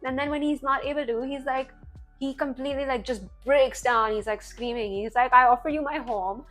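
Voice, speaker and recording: A woman's voice: high-pitched, moderate pace, soft background music. A woman hosting a TV reaction video, recapping an episode in casual, chatty commentary full of "like" and "you know". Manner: chatty, heavy on "like" and "you know", animated retelling. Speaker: TV reaction channel host.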